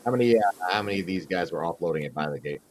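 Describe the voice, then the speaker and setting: A young man playing a tabletop game, animated and full of questions as he thinks aloud. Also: low-pitched, racing, slight background noise, poor audio. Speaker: player. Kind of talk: casual tabletop play.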